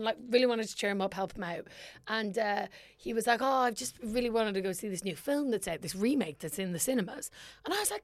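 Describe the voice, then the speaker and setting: A woman's voice: medium pitch, fairly quick, no echo. A young Irish woman co-hosting a podcast, telling a story in casual chat and acting out what everyone said. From Ireland. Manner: animated storyteller, acts out quoted dialogue. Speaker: podcast co-host.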